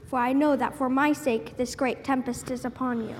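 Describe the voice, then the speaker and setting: A man's voice: very high-pitched, steady tone, long reverb tail, slight background noise, voice pushed up. A man playing a solemn, grave runaway prophet. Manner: grave, measured confession.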